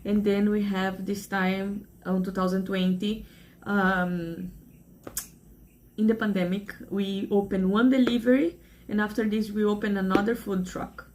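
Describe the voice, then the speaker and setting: A Brazilian woman speaks to her channel in casual, earnest English with a clear Brazilian Portuguese accent. Her voice sits at an ordinary middle pitch. She rambles and restarts as she talks, open and emotional, like a native Portuguese speaker reaching for words. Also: level tone, unhurried, darkish tone, slight background noise. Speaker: vlogger. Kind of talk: casual vlog chat to camera.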